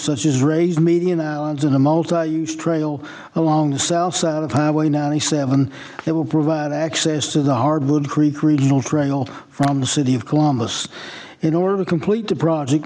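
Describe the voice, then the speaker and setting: A man presenting a formal staff report at a city council meeting, reading figures in a measured way into a desk microphone. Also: on the high side, warm tone, low-quality recording. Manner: measured, reads prepared figures. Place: council chamber.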